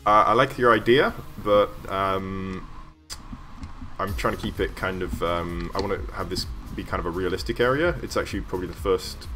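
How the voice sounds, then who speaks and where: A man's voice: low voice, normal speed, bright, forceful tone. A man chatting casually on a livestream while building in a game, rambling with plenty of ums and small laughs. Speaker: streamer.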